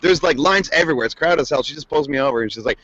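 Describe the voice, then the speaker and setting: A man leaving a rambling, excitable voicemail for a podcast. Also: a little high, very fast, noisy background. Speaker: voicemail caller. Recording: dull lo-fi voicemail audio.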